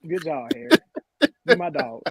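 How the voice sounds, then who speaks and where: A man's voice: fairly high pitch, moderate pace, a crowd in the background, rough recording. A man on a casual sports panel, joking around as he gives his picks.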